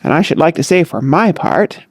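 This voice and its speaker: Brief: narrator's voice for a cheerful, smooth-talking young man, lively pitch, dry close read. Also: a little fast, dry recording. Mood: breezy, smooth. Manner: smooth, airy flourishes. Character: breezy, glib young man eager to please.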